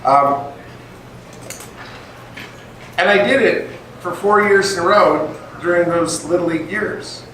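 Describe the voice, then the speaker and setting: A man's voice: high-pitched, slow pace, pauses often. Older man telling stories in an echoey room. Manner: animated, acts out dialogue in the story. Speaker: guest speaker. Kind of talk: storytelling talk to a group. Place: meeting room with an audience. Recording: echoey room, distant mic, faint noise.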